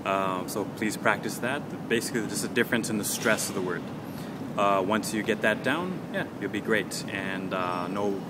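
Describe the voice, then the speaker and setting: A man hosting an English lesson podcast, patiently repeating words slowly for learners. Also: fairly low pitch, heavy background noise. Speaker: English teacher and podcast host.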